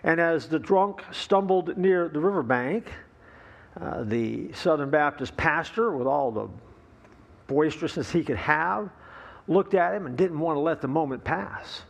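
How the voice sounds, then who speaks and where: A man's voice: a little high, unhurried, gravelly. A male pastor preaching a sermon, opening with a folksy joke, with fillers and easy asides.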